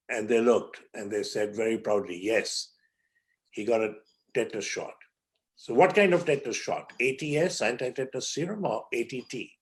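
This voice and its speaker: A man in his seventies, from India, a physician telling a personal story at a measured pace in an interview. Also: mid-range voice. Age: 70s. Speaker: guest, physician and author.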